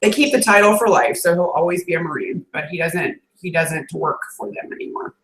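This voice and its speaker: A woman's voice: fairly low pitch, a little fast, reverberant, low-quality recording. A woman with an American accent chats in a friendly way, laughing often, as co-host of a live video call. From United States. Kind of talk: casual chat on a live stream. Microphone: webcam on a video call.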